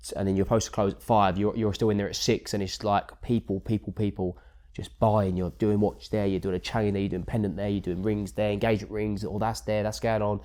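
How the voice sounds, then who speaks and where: A man's voice: on the low side, level tone, brisk. A man with a London accent, part of a jewellery business, chatting casually about busy days in the shop and repeating himself as he goes. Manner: rambling, repeats words, quiet and trailing. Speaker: jewellery shop partner, guest. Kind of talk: casual podcast chat.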